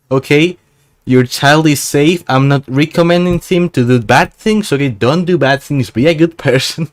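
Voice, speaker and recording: A man giving casual, sarcastic voice-over commentary over gameplay, rambling and ending many sentences with a quick "okay?". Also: on the high side. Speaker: gaming YouTuber.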